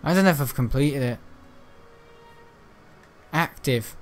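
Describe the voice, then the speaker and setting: A man's voice: mid-range voice, a little slow. A man giving rambling, self-mocking commentary while playing a video game, often muttering to himself. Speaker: gaming video creator. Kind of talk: gameplay commentary.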